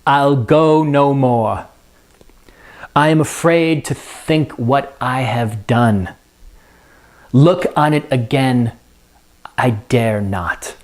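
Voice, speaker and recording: A man voicing a haunted, guilt-stricken lord, slowly and solemnly reciting old verse. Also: mid-range voice. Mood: fearful.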